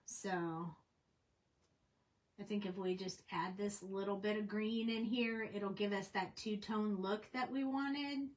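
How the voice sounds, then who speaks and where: A woman's voice: medium pitch, slow pace, poor audio. A woman casually teaching a coloring tutorial on a livestream, chatty and rambling with plenty of fillers. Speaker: craft instructor.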